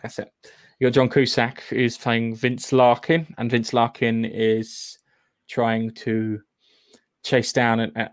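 A man co-hosting a podcast, summarising a film in a halting, casual way. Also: medium pitch, creaky, no echo, clean studio sound. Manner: halting, with fillers and pauses. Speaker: podcast co-host.

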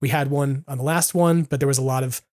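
A man co-hosting a casual podcast chat, rambling and animated with lots of fillers. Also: mid-range voice, quick pace, no room sound, studio quality. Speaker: podcast co-host.

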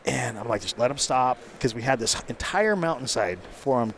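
A man's voice: medium pitch, moderate pace. A man telling a long hunting story about his son in a casual conversation, acting out the dialogue as he goes. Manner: animated storytelling, acts out quoted dialogue. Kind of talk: casual chat.

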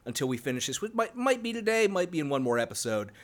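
A man's voice: fairly high pitch, sing-song, fast talker. An American man co-hosting a podcast, chatting casually, laughing often and swearing freely. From United States. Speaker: podcast co-host.

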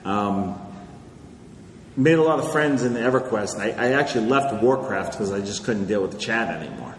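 Animated, laughing storytelling man. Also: lowish voice, moderate pace. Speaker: author and guest speaker. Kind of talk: anecdotal panel talk. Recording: echoey hall with crowd noise.

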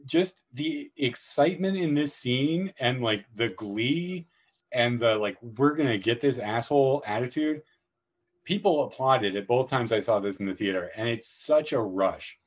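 A man hosting a podcast, talking casually about a film in a rambling, animated way, often acting out lines in a raised voice. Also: mid-range voice, a little slow, rough recording. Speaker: podcast host.

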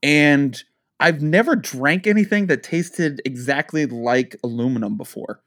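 A man's voice: on the high side, a little slow, fairly bright tone. A man co-hosting a casual podcast, telling stories in a rambling, profane way and voicing the people in them. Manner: rambling, profane storytelling with voiced asides. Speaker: podcast co-host.

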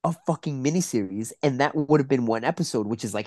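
A man's voice: medium pitch, lively intonation, fast, warm tone, no echo, studio quality. A man with a stuffy, congested nose, co-hosting a casual movie-review podcast, ranting emphatically and swearing often. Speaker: podcast co-host.

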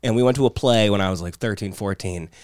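A man telling stories in casual podcast chat, animated and acting out the voices of the people he quotes. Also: on the low side, fast talker, no room sound. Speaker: podcast guest.

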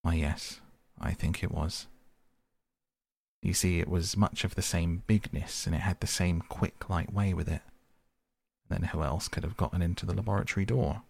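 A man's voice: low voice, steady tone, moderate pace, vocal fry, darkish tone, husky, dry recording, studio quality, heavily acted. A man voicing a loyal, frightened old male butler who speaks in plain, earnest servant's talk.

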